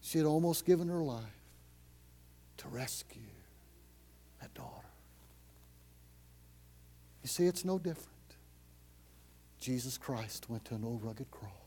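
A man preaching a sermon as pastor, telling a story and leading prayer, going from loud, urgent passages to hushed whispers. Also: medium pitch, animated, unhurried, pauses often. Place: church.

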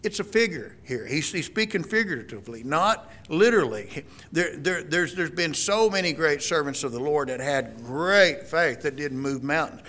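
Male preacher, slightly high voice, earnest teaching sermon with frequent restarts. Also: expressive, normal speed, a bit bright. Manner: earnest, explanatory, repeats words and restarts.

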